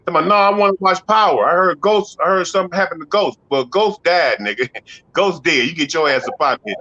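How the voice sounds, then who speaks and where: A stand-up comedian with a high, bright, forceful voice tears through a rowdy, profane routine full of slang. He keeps slipping into acted-out voices. The live recording is dry and a little dull. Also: fast, no room sound. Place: comedy club.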